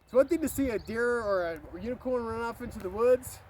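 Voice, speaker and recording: A man telling a spooky childhood story outdoors in a rambling, animated way, swearing and breaking off for passing cars. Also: very high voice, a little fast. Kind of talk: casual outdoor storytelling to camera. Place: outdoors by a street. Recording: street traffic noise behind.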